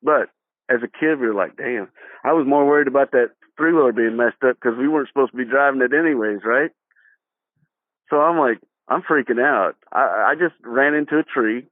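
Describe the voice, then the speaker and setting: A middle-aged man recounts old memories in a casual interview, lively and chuckling. His voice sits at an ordinary pitch. It comes through thin and phone-like, with no room sound. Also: fairly quick, no room sound. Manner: animated, acts out quoted voices, laughs through his own story. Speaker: guest. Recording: dry, tinny phone-like audio.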